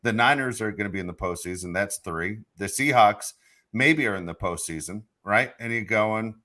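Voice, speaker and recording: A man's voice: lowish voice, normal speed, sharp tone. A man hosting a sports podcast, frustrated and emphatic in casual chat. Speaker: podcast host.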